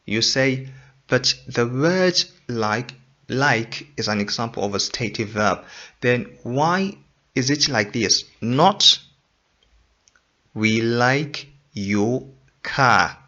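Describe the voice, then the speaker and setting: A man's voice: mid-range voice, lively intonation, slow, a bit bright. A man teaching an English grammar lesson, repeating points and quizzing the listener. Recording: dull lo-fi recording.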